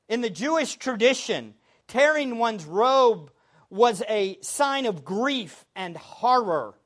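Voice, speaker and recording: A man preaching a sermon, with expressive delivery, sometimes shouting the quoted words. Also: extremely high pitch, takes it slowly. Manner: expressive preaching, shouting acted quotes, laughing between points.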